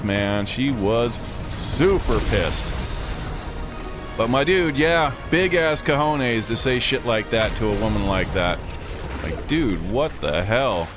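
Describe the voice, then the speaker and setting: In a casual vlog, a man sits inside a vehicle with music in the background and rambles through a profane story, saying "like" and "dude" constantly. He speaks slowly at a medium pitch.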